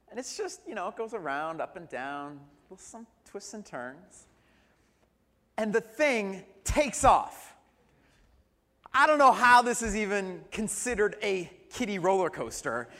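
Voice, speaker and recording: A man's voice: high-pitched, sing-song, measured pace, bright, forceful tone, long reverb tail. A man preaching a sermon as pastor, telling a humorous personal story. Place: church sanctuary.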